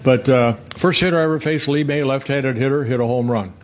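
A man in his seventies from the Netherlands, a former pitcher telling rambling, self-correcting stories in an interview. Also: brisk, highs cut off. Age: 70s. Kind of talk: casual storytelling interview.

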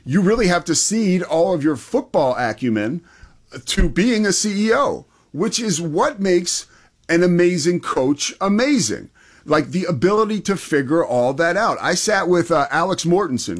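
A slightly high male voice with an easygoing, enthusiastic sports talk manner. He chats casually and reaches for words like dude and man. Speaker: sports show co-host.

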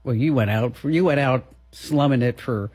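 A woman's voice: a bass voice, normal speed, a little mellow, slightly rough. A woman hosting a casual tech talk show, chatting and laughing often with her co-host. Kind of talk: casual chat.

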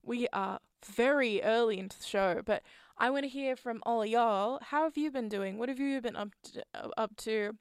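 A woman's voice: on the high side, moderate pace, smooth, no echo, clean studio sound. A young woman hosting a radio show, rambling chattily between tracks and often trailing off and restarting. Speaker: radio host. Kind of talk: casual radio presenting. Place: radio studio.

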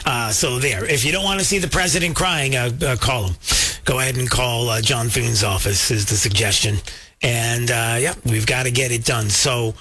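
A man's voice: medium pitch, moderate pace, bright, forceful tone, slightly rough. A man hosting casual political commentary, full of fillers and asides to his viewers. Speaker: host.

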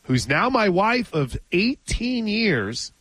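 A man's voice: high voice, very animated, takes it slowly, fairly bright tone, husky, dry recording, low-quality recording. A man hosting a sports talk radio show in a studio, chatty and telling stories. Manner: chatty, storytelling. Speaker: radio host.

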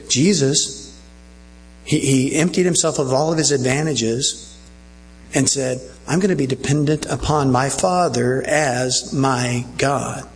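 A man's voice: mid-range voice, a little hiss or hum, rough recording. A male pastor preaching a sermon earnestly and checking in with his listeners.

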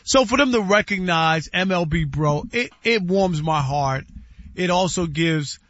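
Animated male radio co-host, dry studio sound. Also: sits high, a little slow, no echo, lo-fi sound. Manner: animated, playfully indignant banter. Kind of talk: casual sports radio chat.

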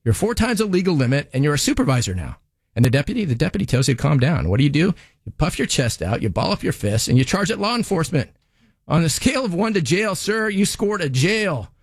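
A man's voice: a little high, sing-song, quick pace, no echo, studio quality. A man doing a scolding sarcastic TV judge. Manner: sarcastic, scolding, mocking the defendant. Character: stern, scolding female TV judge handing down rulings. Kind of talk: comedic courtroom monologue.

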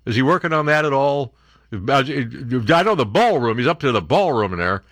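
A talk radio host reads the news and tears into it with sarcastic, disbelieving asides, his pitch swinging widely as he rants. His commentary is animated, punctuated by mock-incredulous outbursts, at normal speed. The recording is dry and close.

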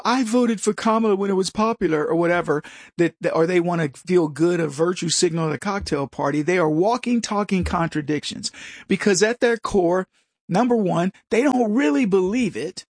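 An American man with a high, husky voice delivers a forceful opinion monologue. He trips over his words and restarts his sentences, and breaks into mocking voices. The sound is close and dry, with no room around it. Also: dry recording. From United States. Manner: emphatic, stumbling restarts, mocking voices for others.

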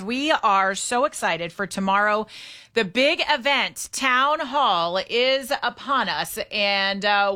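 A woman's voice: on the high side, pushed and bright. A woman hosting a morning talk radio show, upbeat and chatty with her guest. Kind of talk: casual talk radio chat.

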